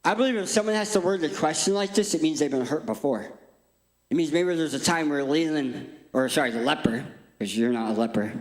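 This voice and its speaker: A man preaching an interactive sermon on stage, playful and energetic as he directs a volunteer. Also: a little high, brisk. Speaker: guest speaker. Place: large church hall. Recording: echoey church hall.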